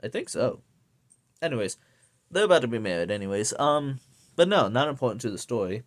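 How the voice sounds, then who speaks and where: A man's voice: mid-range voice, sing-song, a little fast. A young man ranting casually to camera, rambling and swearing with lots of fillers. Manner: profane, rambling, many fillers. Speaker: vlogger.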